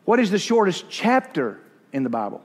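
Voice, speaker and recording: A man's voice: high voice, huge pitch swings, normal speed, in a large hall. A man preaching a sermon in a church, folksy and self-deprecating, telling stories with humor. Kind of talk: sermon with personal anecdotes.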